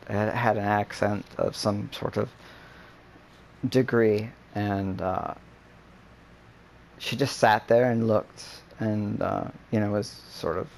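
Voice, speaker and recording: A man in casual chat, rambling with many fillers and breaking into profane, animated rants. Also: lowish voice.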